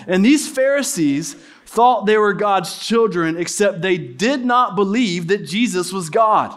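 A man's voice: high-pitched, fairly bright tone. A young adult man preaching a sermon as pastor, earnest and direct, with playful asides.

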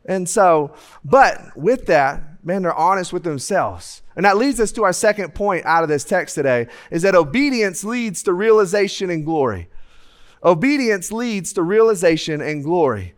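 A man preaching a lively, humorous sermon into a stage microphone in a church, acting out the voices of people in his stories. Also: sits high, normal speed. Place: church sanctuary.

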